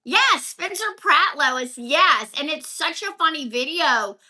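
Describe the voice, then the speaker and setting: High, bright-voiced woman ranting live. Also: lively intonation, takes it slowly. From Texas. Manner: ranting, chatty, answers viewer comments by name. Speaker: livestream host. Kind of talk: casual live-stream chat. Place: home, at a counter. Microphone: phone held vertically.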